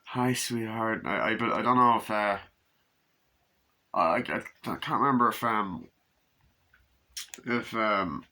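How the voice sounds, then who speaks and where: A man reviews a movie in a loose, rambling way, with a low voice that still has a bright, forceful edge. He swears freely and keeps slipping into acted-out bits of the scenes. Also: lively intonation, slow, pauses often. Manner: rambling, profane, acts out scenes in quoted voices.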